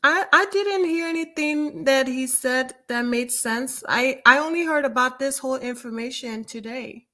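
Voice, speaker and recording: A woman's voice: high voice, normal speed, hardly any pauses, bright, forceful tone. A woman calling in to a talk show, earnest and defensive. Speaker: caller. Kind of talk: call-in talk.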